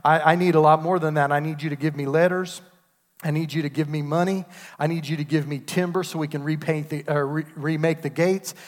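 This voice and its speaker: Fiery preacher in a reverberant sanctuary. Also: male voice, on the high side, steady tone, a little fast. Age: 50s. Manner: preaching with call-and-response asides. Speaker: pastor. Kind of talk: sermon. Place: church sanctuary. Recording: long hall reverb.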